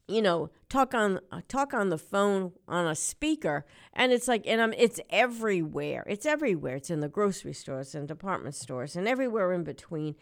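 A middle-aged woman hosting a local radio show, telling stories and ranting in a chatty, animated way. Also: mid-range voice. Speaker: radio host.

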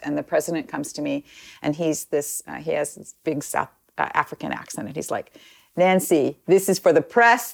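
Woman, low voice, gravelly edge, chatty storyteller, lots of ums. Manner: chatty, many ums, quotes others in lively asides. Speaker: interview guest. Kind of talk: casual storytelling.

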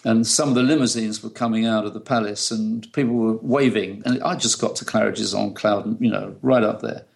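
A man's voice: fairly low pitch, fairly even intonation, normal speed, vocal fry, hardly any pauses. A middle-aged man from the United Kingdom, a photographer, telling chatty anecdotes in an interview and laughing often. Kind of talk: relaxed anecdotal storytelling.

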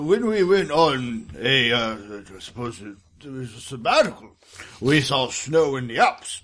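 A man's voice: mid-range voice, sharp tone. Man doing a doddering pompous old pet. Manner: long-winded, stammering tall tales. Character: rambling pompous old male pet, hard of hearing.

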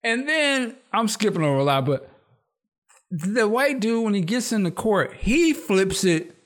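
A man's voice: high voice, a little slow. A man hosting a casual chat, recapping a TV episode with slang and swearing, acting out characters' lines. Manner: animated storyteller who acts out the characters' lines in raised voices. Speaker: podcast host.

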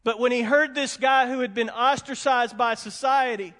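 High-voiced pastor in a reverberant hall. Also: male voice, fairly even intonation, moderate pace, a bit bright. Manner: emphatic, repeats warnings, folksy asides. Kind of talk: sermon. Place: church sanctuary with congregation.

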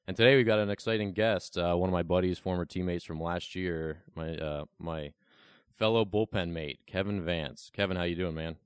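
A man's voice: low-pitched, fairly even intonation, moderate pace, clean tone, no room sound, clean studio sound. A young man hosting a casual podcast interview, teasing his guest with joking banter. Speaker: podcast host. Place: Bloomington, Illinois, remote call.

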